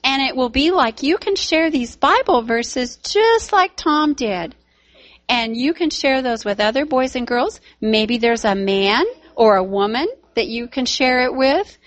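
A woman teaching children at church tells a Bible story and gently talks to the kids. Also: sits high, unhurried.

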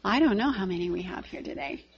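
A woman teaching children at church tells a Bible story and gently talks to the kids. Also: mid-range voice, expressive, fast, slightly rough, dull audio.

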